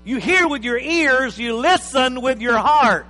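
A man preaching a sermon as pastor, emphatic, swinging from loud bursts to quiet asides. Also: very high-pitched, lively intonation, a little slow. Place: church hall. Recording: reverberant hall with faint mains hum.

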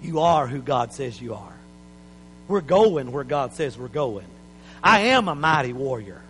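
A man preaching an impassioned sermon in a church, building to shouts. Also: medium pitch, sing-song, unhurried, long reverb tail, slight background noise, rough recording.

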